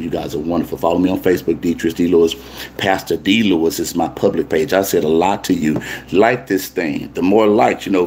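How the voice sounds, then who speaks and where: Deep-voiced pastor guy joking with the chat, laid-back livestream wrap-up. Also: darkish tone, slight background noise. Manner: playful, teasing, talks to chat comments. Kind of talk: casual livestream sign-off to viewers.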